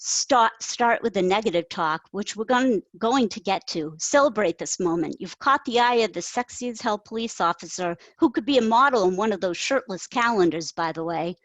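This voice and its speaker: A woman's voice: mid-range voice, expressive, normal speed, few pauses, fairly bright tone, no echo, lightly acted, low-quality recording. Woman reading as a blunt, teasing best friend. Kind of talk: reading own fiction aloud.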